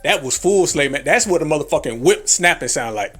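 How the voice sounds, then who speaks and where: A man hosts a live commentary stream in a brash, foul-mouthed style and often laughs at his own jokes. His voice sits a little high for a man. Faint music plays under his talk. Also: lively intonation, a little fast, fairly bright tone, breathy edge. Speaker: livestream commentary host.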